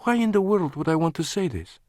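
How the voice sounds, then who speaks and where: A man's voice: fairly high pitch, lively intonation, brisk, a little mellow, dry recording, voice pushed up, lightly acted. A male narrator voices a fiery young Russian woman in a spy thriller audiobook, her voice lifted well above his own and swinging wide with feeling. She turns from tender to sarcastic and incredulous, her words set in a dry, close studio sound.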